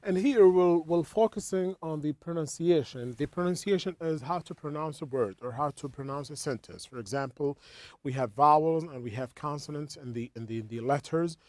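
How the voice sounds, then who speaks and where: A man walks students through English grammar, restarting phrases and repeating small words. His voice sits a little high, and the recording is dry and close with no room sound. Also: darkish tone, dry recording. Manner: halting, repeats words while explaining. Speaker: English teacher. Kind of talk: explaining a textbook lesson.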